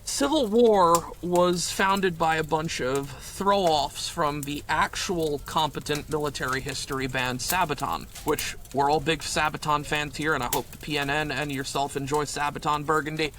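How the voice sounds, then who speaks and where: A man in a comedic improv interview, the guest chef, telling crude stories in a deadpan way. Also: on the high side, normal speed, few pauses, slight background noise.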